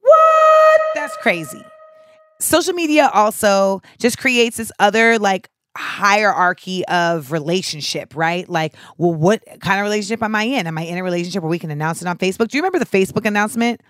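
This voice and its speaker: A woman hosting a podcast in casual chat, telling stories in an animated, profane way full of asides. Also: medium pitch, a little fast, no echo, studio quality. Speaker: podcast host.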